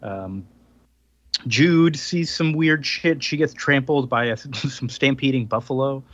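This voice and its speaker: A man's voice: mid-range voice, slow, dry recording. Rambling man recapping comics, lo-fi dry sound. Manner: rambling, filler-heavy retelling with acted-out quotes. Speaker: podcast co-host. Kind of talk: casual chat recapping a comic.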